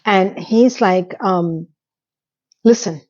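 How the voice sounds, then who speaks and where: A woman's voice: mid-range voice, a little slow, darkish tone. Woman retelling a show at home, fighting tears, lots of ums, kinda dull mic. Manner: emotional, holding back tears while retelling scenes; chatty, with fillers and self-interruptions. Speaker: recap podcast host. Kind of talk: casual episode recap.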